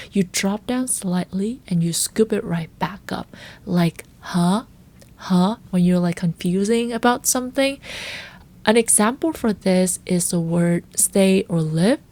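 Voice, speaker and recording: Woman, language teacher, unhurried delivery, warm mellow tone, careful repetition of example words. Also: fairly low pitch. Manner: slow, careful, repeats example words to model pronunciation. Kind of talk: language lesson.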